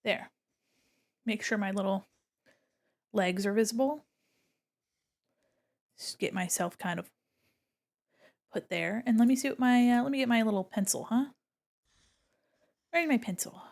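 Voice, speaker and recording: Woman streamer, casual chatter while drawing, a touch high with gravelly fry. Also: a little slow, pauses often, darkish tone. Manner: chatty, thinks aloud and talks to viewers. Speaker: art streamer. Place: home room by a window.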